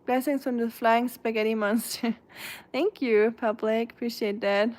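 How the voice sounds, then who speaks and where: A woman's voice: a little high, steady tone, a little slow, a little mellow. A young woman with a German accent, chatting casually on a live stream and answering viewers' comments, rambling with many fillers and restarts. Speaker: live streamer reading chat.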